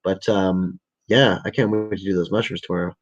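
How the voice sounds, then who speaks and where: A man's voice: low voice, steady tone, a little fast, lo-fi sound. A man hosting a casual livestream, reading articles and viewer comments aloud, stumbling over words, correcting himself and swearing often, sounding a little tired. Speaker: livestream host.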